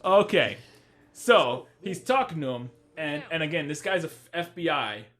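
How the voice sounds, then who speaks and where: Young male podcast co-host, high voice, laughs constantly, animated comedic movie banter. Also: normal speed, background noise. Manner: laughing often, animated and exasperated. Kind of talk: casual comedic movie review chat.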